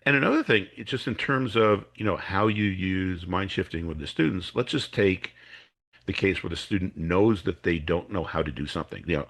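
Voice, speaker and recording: A man's voice: sits low, fairly quick, fairly bright tone. A man, an educator and coach, explaining a technique as a podcast guest and acting out what students and teachers say. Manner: acts out students' and teachers' voices while explaining.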